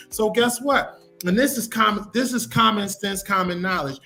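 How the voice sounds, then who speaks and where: Preachy guy on a podcast, high bright voice, keeps repeating himself, faint music. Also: normal speed. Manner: preachy and emphatic, repeats points for effect. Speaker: podcast co-host. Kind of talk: casual debate.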